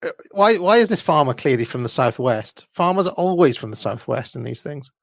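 A man's voice: fairly high pitch, animated, fairly quick, gravelly, no echo. A man chatting casually as co-host, reading out the live chat and making wry, rambling asides. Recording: dry lo-fi sound.

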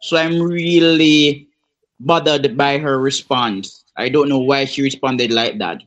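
A man on a panel, speaking in an earnest, measured way. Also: medium pitch, fairly even intonation, a bit bright. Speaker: panel guest. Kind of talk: panel discussion.

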